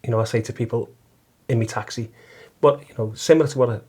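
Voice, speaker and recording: A Liverpool-accented guest in his middle years, who drives a taxi and volunteers as a listener, tells his faith story with earnest, casual stumbles and repetitions. He's a fast talker with a medium-pitched voice that's a little mellow and slightly rough.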